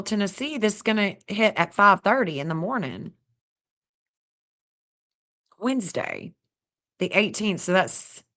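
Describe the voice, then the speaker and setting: A woman hosting a casual livestream, chatty and excitable, talking straight to her viewers and laughing often. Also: mid-range voice. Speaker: livestream host reading astrology maps.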